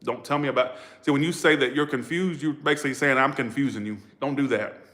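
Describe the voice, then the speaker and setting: A tarot reader does a loose, casual livestream, addressing his viewers directly in a blunt, outspoken, foul-mouthed way. His mid-range voice is fairly bright and moves at a quick pace.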